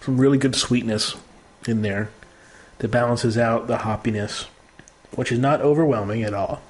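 A man's voice: mid-range voice, fairly even intonation, moderate pace, a little mellow. Jokey man describing beer flavors. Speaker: host. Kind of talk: casual beer tasting chat.

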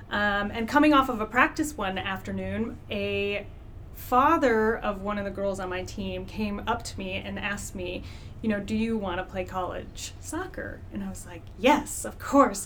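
A young woman guest on a podcast, earnestly recalling a story from her youth in a relaxed interview. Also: medium pitch, slight background noise. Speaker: podcast guest, physical therapy business founder.

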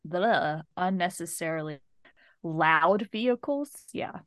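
Slow, animated woman co-host. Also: lowish voice, dry recording, studio quality. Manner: expressive, laughs easily, emphatic exclamations. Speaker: podcast co-host. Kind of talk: casual movie review chat.

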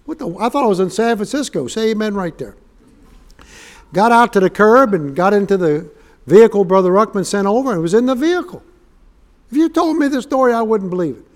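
Folksy man preaching, bright high voice, joking asides, emphatic scripture. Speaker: guest preacher. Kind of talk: sermon. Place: church sanctuary.

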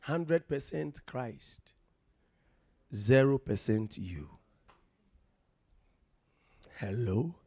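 A man's voice: medium pitch, expressive, drawn-out words, long pauses, darkish tone, no room sound. A man preaching a sermon in a church, reading scripture aloud and quizzing the congregation for answers.

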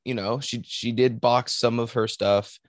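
A man's voice: medium pitch, level tone, no echo, clean studio sound. A man co-hosting a podcast in casual banter, rambling and swearing with many restarts. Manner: rambling, profane, halting restarts. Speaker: podcast co-host.

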